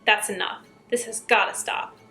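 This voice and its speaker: A woman's voice: medium pitch, fairly even intonation, moderate pace, bright, forceful tone, soft background music. A woman voicing a bullying, scolding husband. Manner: harsh, scolding and threatening. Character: controlling, bullying young husband.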